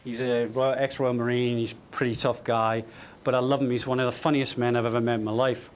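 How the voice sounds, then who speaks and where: A man telling a funny anecdote to an audience, in a lively, chatty way with hesitations and repeated words. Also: mid-range voice, fairly quick, a little hiss or hum. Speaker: speaker.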